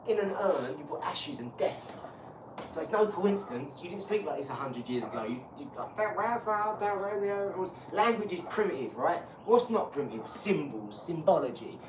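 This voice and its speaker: A man's voice: high voice, a little fast. Rambling man in an echoey room. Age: 40s. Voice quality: animated, rambling, swears freely. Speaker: live-stream host. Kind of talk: casual chat during a boxing workout. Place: home workout room. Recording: echoey room, distant mic, loud noise.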